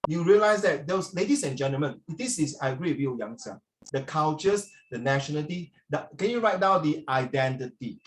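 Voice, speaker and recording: A man with a Singaporean accent teaching a social studies class, animated and jokey, slipping into Mandarin and mimicking Singlish phrases. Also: on the high side, fairly quick. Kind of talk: classroom lesson.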